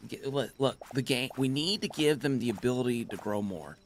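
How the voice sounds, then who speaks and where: A man putting on a flustered male game developer who speaks in a hushed, fretful way and keeps repeating himself. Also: mid-range voice, animated, fairly quick, a little hiss or hum, pitched below the performer's own voice, close to an everyday voice.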